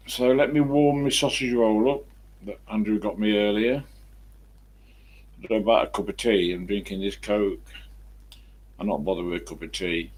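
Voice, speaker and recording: A man's voice: lowish voice, darkish tone, slightly rough. A man with an East Midlands accent, chatting casually at home to his live-stream viewers and rambling through anecdotes at a desk mic. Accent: East Midlands English. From England. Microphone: desk microphone he leans away from.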